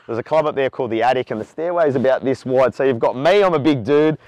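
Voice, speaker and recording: This Australian charity walker, in his forties, is a fast talker with a medium-pitched voice, recorded with no echo. Candid and chatty in the interview, he grows animated as he retells his own stories.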